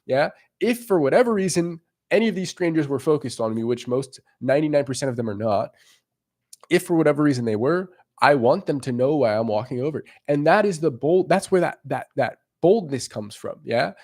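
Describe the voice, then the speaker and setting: A man's voice: a little high, lively intonation, a little fast, a little mellow. A man giving dating advice in a casual, emphatic monologue. He swears freely, keeps checking in with "right?", and acts out what strangers might be thinking. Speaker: dating coach.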